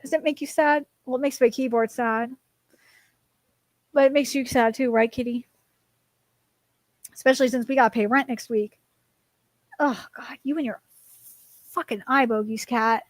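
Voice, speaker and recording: A woman's voice: fairly high pitch, steady tone, normal speed, pauses often, no room sound. A woman streaming casually, rambling with many fillers and cooing at her cat in baby talk. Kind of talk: casual live-stream chat.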